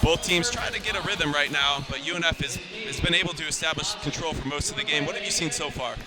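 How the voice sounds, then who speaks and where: A man calling a women's basketball game as play-by-play announcer, with an upbeat, brisk broadcast delivery. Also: on the high side, loud music behind the voice. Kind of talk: sports commentary.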